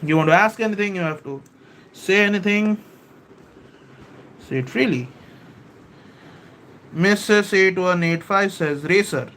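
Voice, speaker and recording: A man hosting a live stream, chatting with viewers, reading their comments aloud and explaining a software model, often saying "bro" and "kindly" and correcting himself as he goes. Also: sits high, unhurried, long pauses, a little hiss or hum. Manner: self-correcting, hesitant restarts. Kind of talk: casual live-stream teaching.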